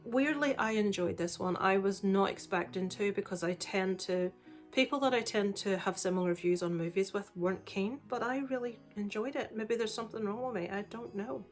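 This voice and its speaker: A woman's voice: medium pitch, normal speed, faint music behind. Chatty woman reviewing films. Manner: chatty, candid, frequent "um" fillers. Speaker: film reviewer. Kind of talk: casual vlog review.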